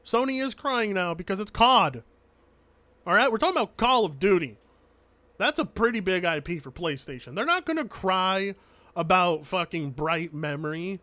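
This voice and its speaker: Bright-voiced male streamer, emphatic. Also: high voice, lively intonation, normal speed. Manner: emphatic, repeats points, swears casually. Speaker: streamer reacting to a video. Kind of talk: casual argumentative commentary.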